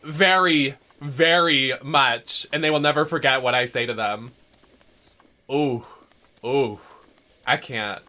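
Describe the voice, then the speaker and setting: A young man streaming a video game, ranting in a dramatic, sweary way that swings from shouting to muttering. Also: medium pitch, slow pace, long pauses. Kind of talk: casual rant while gaming.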